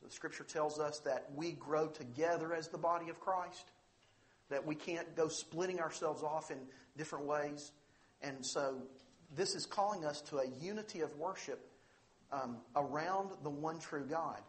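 Guy preaching a sermon, fairly high voice, earnest and emphatic. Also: moderate pace. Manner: earnest, emphatic preaching with rising stress on quoted scripture. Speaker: pastor.

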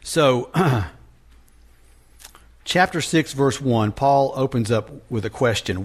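Slow, deliberate male preacher. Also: medium pitch, expressive. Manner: slow and deliberate, with frequent restarts. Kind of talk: sermon teaching on scripture.

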